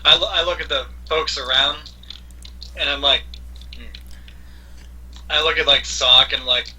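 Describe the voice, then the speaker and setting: A man's voice: a little high, steady tone, unhurried, long pauses, pushed and bright, slight background noise, poor audio. A man playing a tabletop game, hesitant and full of fillers. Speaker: player.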